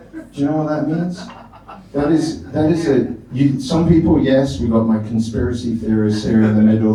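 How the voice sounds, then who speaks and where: Middle-aged comic in an echoey club. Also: male voice, mid-range voice, mellow. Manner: rambling self-mocking with frequent laughs and filler. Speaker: stand-up comedian. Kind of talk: stand-up comedy set. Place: comedy club stage. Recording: echoey club from far off with crowd.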